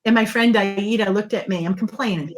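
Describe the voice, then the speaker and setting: A middle-aged woman guest on an interview show, explaining ideas and telling stories in a lively, emphatic way. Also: mid-range voice, fairly quick. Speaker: guest, body language expert. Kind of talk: conversational interview.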